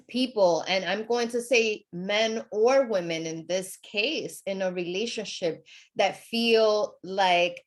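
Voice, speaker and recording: A woman hosting a podcast interview, affirming and reflecting back what her guest says. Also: medium pitch. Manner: affirming listener. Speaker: podcast host.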